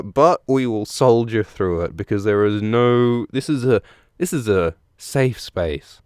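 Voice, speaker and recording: Rambling man, low and smooth voice. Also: dry recording, clean studio sound. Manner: tangent-prone, repeats words, playful. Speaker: podcast host. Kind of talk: rambling casual chat.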